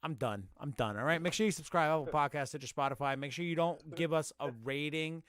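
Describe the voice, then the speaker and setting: A man hosting a casual podcast live stream, rapping a long name list fast and swearing as he jokes about himself. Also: a little high, fairly bright tone, smooth, no echo, studio quality. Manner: rapid rhythmic list rapping, swearing, self-mocking. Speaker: podcast host.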